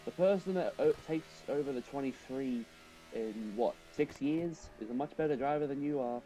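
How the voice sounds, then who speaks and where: A man's voice: mid-range voice, normal speed, mellow, soft background music, poor audio. A man streaming a racing game, chatting casually and thinking aloud while he drives and answers his viewers.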